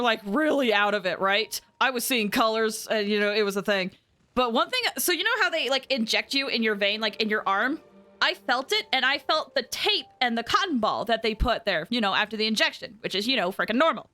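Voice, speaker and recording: A woman's voice: fairly high pitch, bright, forceful tone. A young adult woman streaming a game, rambling through anecdotes with lots of giggles and fillers. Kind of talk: casual live-stream chat.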